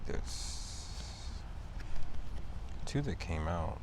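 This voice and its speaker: A man giving a casual solo tarot reading, talking in a halting way, often restarting phrases, with excitable asides. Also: low-pitched, noisy background. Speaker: tarot reader.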